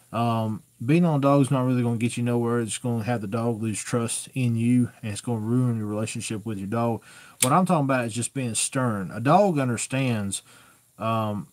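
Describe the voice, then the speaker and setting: A man's voice: medium pitch, dry recording. Folksy man hosting a live Q&A. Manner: folksy, rambling, plainspoken. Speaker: host answering viewer questions. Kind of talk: casual live-stream Q&A.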